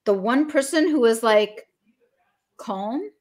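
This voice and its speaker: A woman business coach talking as a podcast guest, energetic and emphatic, acting out little scenes as she explains. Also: fairly high pitch, slow pace.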